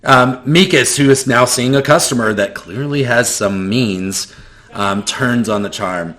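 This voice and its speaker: A man's voice: mid-range voice, unhurried, fairly bright tone. A man narrating a tabletop game as game master, loose and full of fillers.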